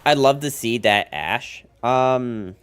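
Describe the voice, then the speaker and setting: A man's voice: medium pitch, slow, fairly bright tone, clean tone, soft background music. An American man casually commentating his gameplay on stream, chatty and playful, joking with his chat.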